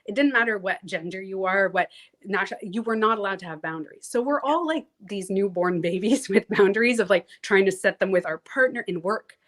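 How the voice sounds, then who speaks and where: A woman coach chatting in an interview, lively and outspoken, with a freely swearing, frank way of talking. She acts out the people she quotes, jumping in pitch and loudness as she goes. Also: fairly quick. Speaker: transformation coach, guest. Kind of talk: casual interview talk.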